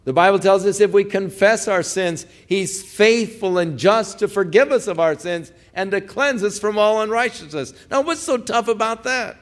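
A man preaching a sermon, telling a folksy personal story, then dropping from loud proclamation to hushed pleading. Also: high-pitched, moderate pace, hardly any pauses. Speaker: pastor.

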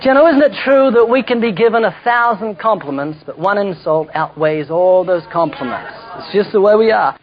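A man's voice: high voice, lively intonation, a little fast, few pauses. A man preaching a humorous sermon with storytelling, jokey asides and self-mocking slips, heard in a dull lo-fi recording.

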